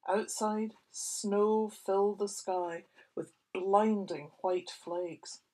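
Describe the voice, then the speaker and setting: A woman, a children's author, reading her picture book aloud for young children with expressive, whispery asides. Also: mid-range voice, very slow, few pauses.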